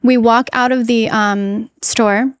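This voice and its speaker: A woman guest on an interview podcast, sharing a painful personal story in an earnest, emotional way with many halting restarts. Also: a little high, fairly even intonation, clear, resonant tone, no echo. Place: podcast studio. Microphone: podcast microphone.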